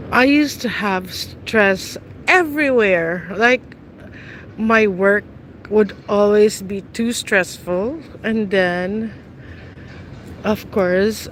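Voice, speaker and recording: Woman, middle-aged, teasing, laughs a lot, unhurried, outdoor street, faint traffic hum. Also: mid-range voice, fairly bright tone, rough recording. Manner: chatty, teasing, laughs often. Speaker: vlogger. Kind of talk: casual chat with live viewers while walking.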